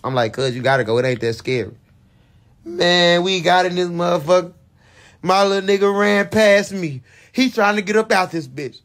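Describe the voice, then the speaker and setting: A man, telling a profane, animated story to camera and acting out his own screams and quotes. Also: sits high, moderate pace. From Fort Worth, Texas. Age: 20s. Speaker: vlogger.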